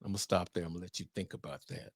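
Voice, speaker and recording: A middle-aged man hosting a solo podcast on fatherhood, talking in an animated, preacher-like way with exclamations. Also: low-pitched, rapid-fire, slightly rough, dry recording, studio quality. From Memphis area, US. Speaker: podcast host.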